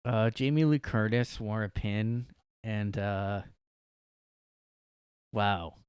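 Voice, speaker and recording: A man's voice: lowish voice, takes it slowly, darkish tone, clean tone, no room sound, clean studio sound. A man hosting a solo podcast from his room, rambling sarcastically and saying "like" a lot. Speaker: podcast host. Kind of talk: casual solo podcast rant. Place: his bedroom.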